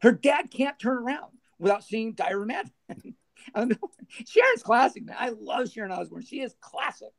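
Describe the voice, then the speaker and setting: Middle-aged male guest, raspy and fairly high, chatty anecdote-teller who laughs a lot. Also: moderate pace. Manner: animated anecdotes, laughing, acting out others' voices. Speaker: guest, former band manager. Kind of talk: casual storytelling interview.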